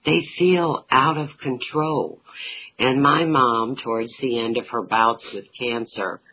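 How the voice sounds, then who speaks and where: Middle-aged lady guest telling funny family stories, slow talker, lo-fi hissy audio. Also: rumbling low, fairly even intonation. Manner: humorous, anecdotal storyteller. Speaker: author and talk show guest. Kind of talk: interview storytelling.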